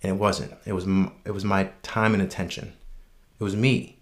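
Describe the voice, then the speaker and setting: A man casually telling a personal anecdote, relaxed and unscripted, with frequent ums and restarts, earnest and reflective. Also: low-pitched, moderate pace. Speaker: storyteller.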